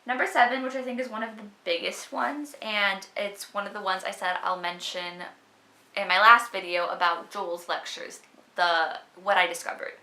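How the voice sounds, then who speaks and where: A woman's voice: mid-range voice, bright, forceful tone. A young woman talking casually to her camera in a chatty vlog style, filling her speech with "like". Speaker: vlogger. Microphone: camera mic. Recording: echoey room.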